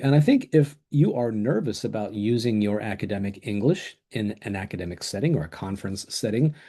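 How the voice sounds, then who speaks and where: A middle-aged man co-hosts a webinar over a video call, talking into a desk microphone with a low, dark, husky voice. He speaks reflectively in the discussion, agreeing with his co-presenter and stumbling a little.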